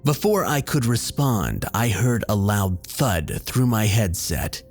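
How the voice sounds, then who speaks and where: A man telling a first-person horror story in a steady, measured way. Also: mid-range voice. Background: faint background music.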